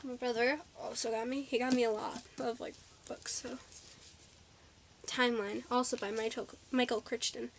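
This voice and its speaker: A woman with a somewhat high voice talks casually into her camera at home, rambling and stacking up ums and likes. She trips over her words and corrects herself mid-sentence, with a faint hiss behind her. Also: fairly even intonation, moderate pace. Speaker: vlogger. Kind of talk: casual haul video chat.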